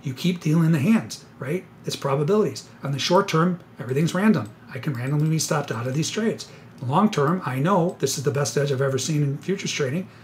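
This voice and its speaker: Excitable male trader talking through live trades. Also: on the high side, a little fast, slight background noise. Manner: excitable, sarcastic, rambling with self-corrections. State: out of breath. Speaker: futures trader presenting a live webinar. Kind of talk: live trading commentary.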